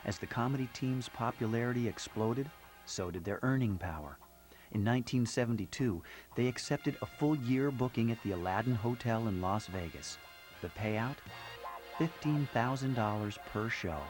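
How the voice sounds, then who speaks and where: A man reading scripted documentary narration in a measured, storytelling way. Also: medium pitch, expressive. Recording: narration over loud music.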